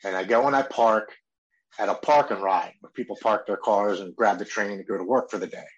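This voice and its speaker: Brief: man with a lowish voice, candid personal testimony, earnest and halting. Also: muffled recording. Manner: candid, earnest storytelling with stammered restarts. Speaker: speaker sharing his recovery story.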